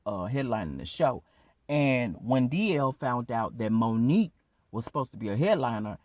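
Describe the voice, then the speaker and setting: A man with a middle-pitched voice in a dry, close recording. He recaps events in a relaxed, conversational way, with hedges and fillers. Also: no echo. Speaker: YouTube commentary host. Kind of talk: casual commentary narration.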